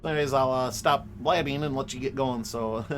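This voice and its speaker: A young man livestreams a game from his home office, ranting, swearing and laughing as he chats with viewers in a casual gaming stream. His mid-range voice moves at normal speed, with a little hiss or hum in the background.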